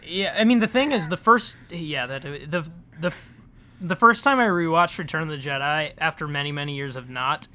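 A man with a bright, fairly high voice chats casually as a podcast co-host. He hesitates often, restarting sentences and leaning on fillers. His talk stays loose and easygoing. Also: expressive, moderate pace. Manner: hesitant, many restarts and fillers, laughs easily. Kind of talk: casual chat.

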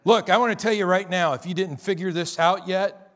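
A man preaching a sermon as pastor, repeating and stretching key words for emphasis, sometimes dropping to a quiet, weary tone. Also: high voice. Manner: emphatic, repetitive preaching with drawn-out stressed words; drops to quiet, weary tones mocking tired believers.

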